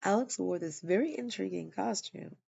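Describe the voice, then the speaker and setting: A woman tells a personal story in a loose, rambling way, stopping often on fillers and restarts. She is tired and yawning, and her voice is strongly gravelly with constant fry. The recording is dull and lo-fi. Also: mid-range voice, lively intonation, normal speed, darkish tone. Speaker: vlogger sharing a personal testimony.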